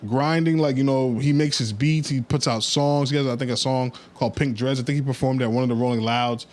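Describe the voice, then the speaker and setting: A man's voice: medium pitch, fairly even intonation, fairly quick, darkish tone. A man hosts a casual podcast in a loose storytelling manner. He drops blunt opinions in an easygoing way. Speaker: podcast host. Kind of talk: casual chat.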